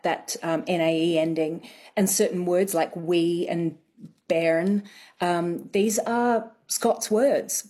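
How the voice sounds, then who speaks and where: A woman's voice: lowish voice, darkish tone. Thoughtful woman accent coach. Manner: thoughtful, explanatory, with frequent ums. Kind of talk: radio interview.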